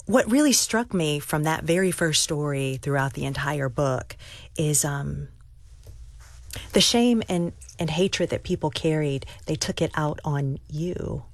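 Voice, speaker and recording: A woman interviewing an author, asking thoughtful, measured questions. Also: low voice, expressive, no echo.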